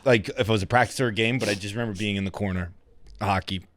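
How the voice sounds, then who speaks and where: A fairly low-voiced man from Massachusetts, a podcast guest telling rambling stories and laughing at himself. The sound is dry and close, with no room echo. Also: fast talker, a bit bright. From Fall River, Massachusetts. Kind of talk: casual chat.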